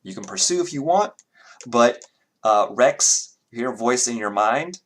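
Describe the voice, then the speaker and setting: A man's voice: mid-range voice, expressive, a little slow. A man narrating as game master in a tabletop game, loose and chatty as he counts out the moves.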